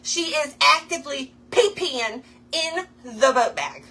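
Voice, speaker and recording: A woman's voice: high-pitched, takes it slowly. A woman, chatting to viewers as she crafts and tells a story. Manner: chatty, animated, talks to viewers as y'all. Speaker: craft livestream host. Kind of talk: casual storytelling while crafting.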